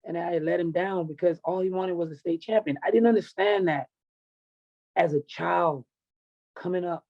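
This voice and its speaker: Here a wrestling and MMA coach, middle-aged and guesting on a podcast, lays out his past frankly and with feeling, swearing freely. His voice sits high with fairly even intonation at a moderate pace, and the sound quality is lo-fi.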